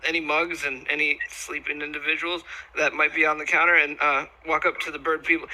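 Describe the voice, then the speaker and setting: Guy at a tabletop game, halting and restarting a lot, bright voice pitched a bit high. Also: little pitch movement, low-quality recording. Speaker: player.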